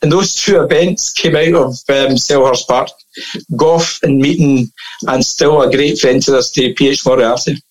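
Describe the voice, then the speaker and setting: A man's voice: medium pitch, steady tone, moderate pace, rough recording. A man telling anecdotes as a podcast guest in a casual, chatty way, laughing often and full of fillers and restarts.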